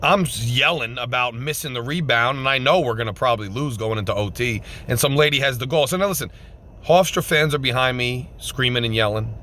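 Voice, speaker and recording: A man giving an emphatic, repetitive postgame rant as a fan vlogger, swinging between loud outbursts and subdued sadness. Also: medium pitch, brisk, a little hiss or hum.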